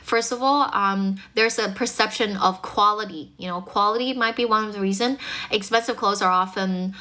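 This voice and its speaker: A woman's voice: medium pitch, moderate pace, pushed and bright. A woman from China with a mostly American accent, a chatty English speaking teacher who greets viewers and laughs easily on a live stream.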